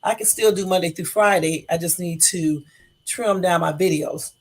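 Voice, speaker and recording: A middle-aged woman hosting her own livestream in a casual, rambling chat, talking very fast. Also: on the low side. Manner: talks very fast, chatty and rambling. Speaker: livestream host.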